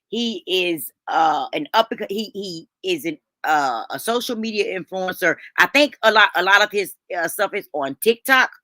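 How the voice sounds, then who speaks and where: Lady chatting on her live stream, bright voice, dry close sound, keeps calling folks honey. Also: on the low side, animated, normal speed, few pauses, no room sound. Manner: chatty, calls viewers honey and baby; folksy slang, restarts and stumbles. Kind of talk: casual live stream chat.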